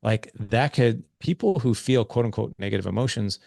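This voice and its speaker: A man's voice: lowish voice, expressive, normal speed, creaky, darkish tone, no echo, studio quality. A man guest on a podcast, talking casually and loosely with many fillers as he tells stories and explains his ideas. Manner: loose, filler-heavy, storytelling. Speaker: podcast guest, men's coach.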